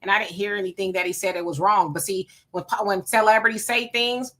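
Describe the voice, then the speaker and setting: A woman hosting a live talk stream, chatting casually and reading viewer comments aloud in an animated way. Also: mid-range voice, brisk. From California. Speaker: live show host.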